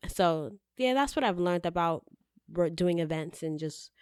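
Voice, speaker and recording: A woman speaking as a guest in a casual interview, candid and animated, cursing freely as she tells her stories. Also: fairly low pitch, a little slow, smooth, dry recording, studio quality. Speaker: podcast guest, editor-in-chief.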